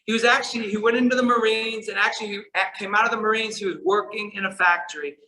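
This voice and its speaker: A man with a high, bright voice delivers a storytelling conference speech. His tone is earnest and shifts between soft, quiet passages and emphatic ones. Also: fairly even intonation, quick pace, rough recording. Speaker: keynote speaker.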